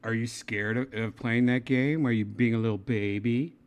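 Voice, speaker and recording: A man's voice: mid-range voice, fairly even intonation, normal speed. A man streaming casually, mocking and swearing at an AI assistant in an exasperated way. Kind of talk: casual livestream chat.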